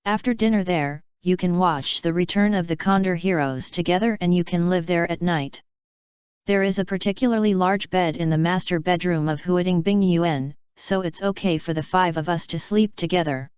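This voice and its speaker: A woman reading an eager, excitable young woman. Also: fairly low pitch, moderate pace, clear, resonant tone, no echo, close to an everyday voice. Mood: excited. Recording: slightly dull lo-fi recording.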